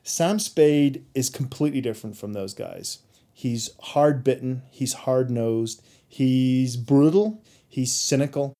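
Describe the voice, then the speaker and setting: A man's voice: medium pitch, takes it slowly, mellow. A man, a crime writer, speaking as an interview guest in an emphatic, listing manner. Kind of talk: casual interview talk.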